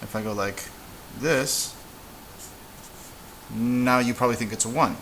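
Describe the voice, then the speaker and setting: A man teaching a casual whiteboard lesson, relaxed and halting, with frequent fillers and restarts. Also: mid-range voice, a little hiss or hum, low-quality recording. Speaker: Spanish teacher.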